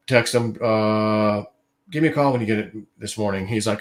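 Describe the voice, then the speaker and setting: A man's voice: lowish voice, normal speed. Man, livestream guest, casual storytelling, rambling, filler-heavy. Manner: rambling, many fillers and restarts.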